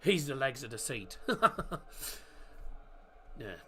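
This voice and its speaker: A man's voice: medium pitch, animated, takes it slowly. A man hosting a live football watchalong, reading team lists and chatting casually with viewers, rambling and correcting himself as he goes. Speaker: host of a football watchalong stream. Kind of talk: casual live match commentary.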